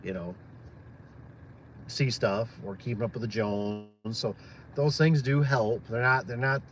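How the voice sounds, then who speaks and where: A man's voice: mid-range voice, steady tone, measured pace, slight background noise. A man from Michigan chatting casually on a live stream, rambling and friendly with lots of fillers. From Michigan, USA. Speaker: small business owner live-streaming.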